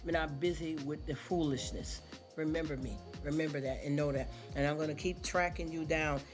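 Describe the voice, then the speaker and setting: A man with a slightly high voice lectures his livestream viewers in a loose, preachy rant. He circles back on his points and keeps firing rhetorical questions at them. Music plays steadily under his voice. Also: fairly even intonation, brisk. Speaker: livestream host. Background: background music.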